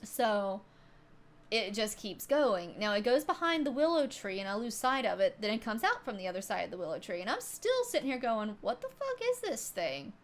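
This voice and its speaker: Lively-voiced woman streamer telling a story. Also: medium pitch, a little fast, slight background noise. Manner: swears freely and laughs often. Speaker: livestreamer. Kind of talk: casual storytelling to chat.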